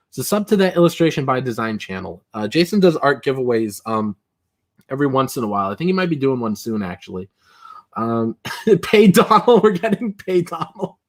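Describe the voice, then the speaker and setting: A man hosting a casual livestream, talking in a loose, rambling way. His voice sits a little higher than most men's, and he fills pauses with "uh" and little chuckles. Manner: rambling and chatty, many fillers and chuckles. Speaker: livestream host.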